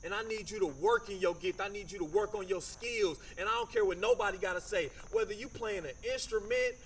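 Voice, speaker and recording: High-voiced man telling a motivational story. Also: fairly quick, slight background noise. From Michigan, USA. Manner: conversational, storytelling with acted quotes and slang. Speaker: motivational speaker.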